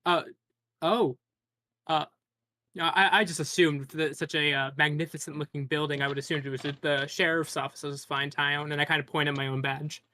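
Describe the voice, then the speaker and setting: A man playing in a tabletop game, talking hesitantly and amiably. His voice is bright and a bit sharp, pitched somewhat above the usual. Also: level tone, quick pace, few pauses. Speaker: player. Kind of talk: tabletop game role-play.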